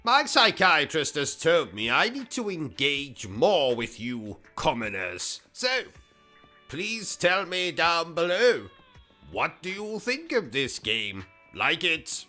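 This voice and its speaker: British male streamer, pompous and theatrical, slow deliberate delivery, bright edge. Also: on the high side, huge pitch swings, soft background music. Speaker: gaming YouTuber. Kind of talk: comedic livestream rant.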